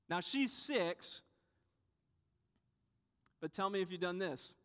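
A man's voice: sits high, lively intonation, slow, pauses often, a bit bright. A young man giving a sermon as pastor, conversational with rhetorical asides. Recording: reverberant hall.

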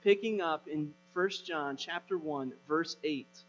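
Pastor, thirties, male, slightly high voice, relaxed storytelling sermon delivery, long reverb. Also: takes it slowly, hardly any pauses. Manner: conversational storytelling, rising to emphatic preaching. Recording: dull, hum, long reverb.

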